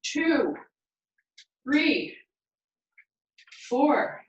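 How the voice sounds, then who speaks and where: A woman fitness instructor leading a guided home workout, counting reps aloud and giving steady encouraging cues. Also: sits high, very slow, muffled recording. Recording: very echoey room, mic far away.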